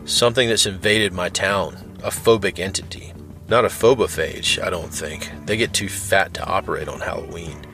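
A wounded, defiant captive woman, as a man reads her, spitting back bitter, strained replies. The voice stays very low, over faint music. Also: normal speed, vocal fry, bright, forceful tone, exaggerated voice.

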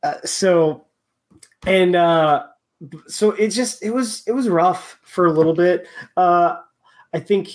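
A man with a voice that sits high hosts a casual sports chat, speaking in halting bursts with frequent restarts and filler words.

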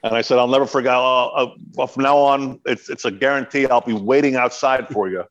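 A man's voice: medium pitch, a little fast, highs cut off. A middle-aged man, a podcast guest, telling a story in casual chat and acting out the quotes. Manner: animated storyteller, acts out quotes.

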